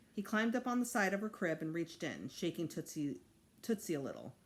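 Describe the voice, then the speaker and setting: A woman teacher reading a children's chapter book aloud with expressive narration. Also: on the low side, brisk. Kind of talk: storybook read-aloud.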